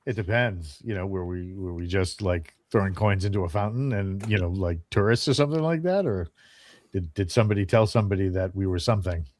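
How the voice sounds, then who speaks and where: Low-voiced guy playing a tabletop game, lots of ums, stop-start, dry sound. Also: expressive, darkish tone, no echo. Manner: halting, searches for words with many ums. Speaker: player. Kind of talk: tabletop game play, half in character.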